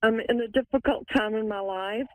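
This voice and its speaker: A woman's voice: fairly high pitch, normal speed, dry recording, rough recording. A woman, calling in to a psychic show, polite and a little hesitant. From Texas. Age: 70s. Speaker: caller.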